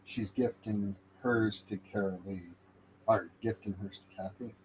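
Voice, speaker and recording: A co-host on a live sales stream making quiet, laid-back remarks. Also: deep voice, steady tone, measured pace, slight background noise, rough recording. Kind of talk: casual live stream chat.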